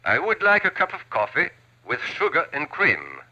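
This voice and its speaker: A man voicing a language record instructor, saying phrases slowly and deliberately. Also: fairly high pitch, huge pitch swings, sharp tone, full character voice. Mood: instructive. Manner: slow, deliberate enunciation. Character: precise male French lesson record voice. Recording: dull old TV audio.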